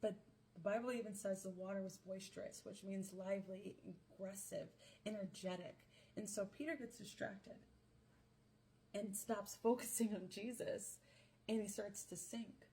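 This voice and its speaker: Young woman telling a bible story, slangy and jokey, lots of quick asides. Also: medium pitch, fairly even intonation, warm tone, slight background noise. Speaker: podcast host. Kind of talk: casual Bible story retelling.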